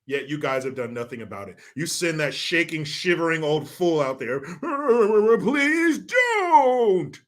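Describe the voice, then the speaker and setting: Bright-voiced, sarcastic ranting man. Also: a little high, fairly quick, hardly any pauses. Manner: sarcastic, profane, mocking. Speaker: political commentary vlogger. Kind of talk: ranting commentary.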